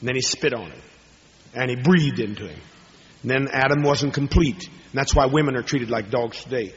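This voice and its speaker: A man preaching a sermon to a hall audience, telling stories dramatically and moving from hushed tones to raised ones. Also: medium pitch, moderate pace. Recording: dull lo-fi recording with long hall reverb.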